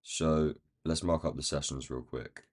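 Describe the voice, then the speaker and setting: A man with a croaky, rough-sounding voice, thinking aloud in casual commentary as he marks up trading charts on a live stream. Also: rumbling low, steady tone, a little slow. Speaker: day trading livestream host.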